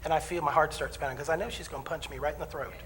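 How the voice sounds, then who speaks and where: A man's voice: a little high, steady tone, very fast, background noise. Folksy male minister preaching in a hall. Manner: folksy, humorous storytelling with quoted voices. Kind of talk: sermon with personal stories. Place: church sanctuary. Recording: distant mic in a reverberant hall.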